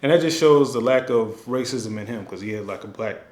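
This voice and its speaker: A man talking casually at a middle pitch, thinking aloud and circling back with fillers and restarts. His voice carries a noticeable echo from the room. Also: brisk, darkish tone. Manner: rambling, with many fillers and restarts. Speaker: film director. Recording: echoey room.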